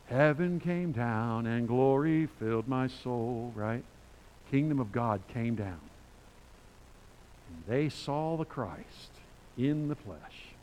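A man preaching a sermon as pastor, conversational and emphatic, with sudden loud bursts. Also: medium pitch, slight background noise, rough recording.

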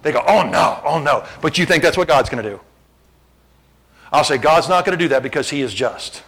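A man's voice: on the high side, expressive, fairly quick, gravelly, fairly bright tone, husky, poor audio. A male pastor preaching a sermon, shifting between casual asides to the congregation and emphatic, rising exhortation.

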